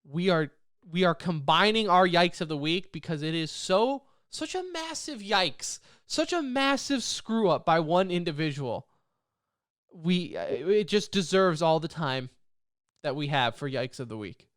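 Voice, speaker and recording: A man co-hosting a casual esports podcast, talking in an animated, rambling way and laughing often. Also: on the high side, a little slow, clear, resonant tone, no echo, studio quality. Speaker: podcast co-host.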